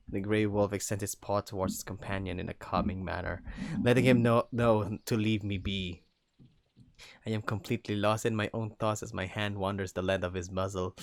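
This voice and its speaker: A young man reading a first-person story aloud in an animated, jokey way, voicing the characters. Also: fairly low pitch, normal speed. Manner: animated, jokey asides and laughs between lines. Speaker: story narrator.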